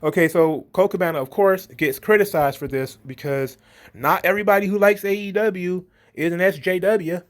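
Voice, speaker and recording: A man's voice: high voice, steady tone, moderate pace. A man hosting an opinion commentary, talking with sarcasm and scorn, slipping into a mocking sing-song when he quotes others. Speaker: commentary host.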